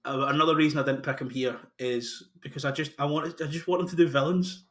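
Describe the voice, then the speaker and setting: A man's voice: on the high side, fairly even intonation, quick pace, a bit bright. Enthusiastic man rambling about casting. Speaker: podcast host. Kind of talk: casual chat about casting.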